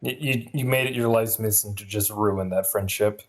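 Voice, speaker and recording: A man's voice: fairly low pitch, steady tone, normal speed. A young man co-commentating a video game tournament casually, joking around and stammering when he restarts.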